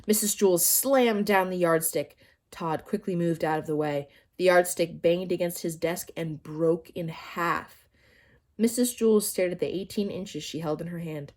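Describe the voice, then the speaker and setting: A woman narrating a children's novel aloud in a lively storytelling manner. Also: fairly low pitch, normal speed. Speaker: audiobook narrator.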